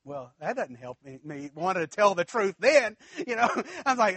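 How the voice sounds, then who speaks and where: High, bright-voiced man preaching folksy stories. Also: big pitch swings, moderate pace, few pauses, breathy edge, no echo. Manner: folksy, chuckling, addresses the congregation directly. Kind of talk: storytelling sermon.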